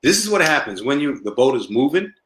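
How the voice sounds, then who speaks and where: A middle-aged male comedian tells stories in a casual interview, animated and laughing at his own jokes. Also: medium pitch, fast. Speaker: comedian guest. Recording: roomy echo.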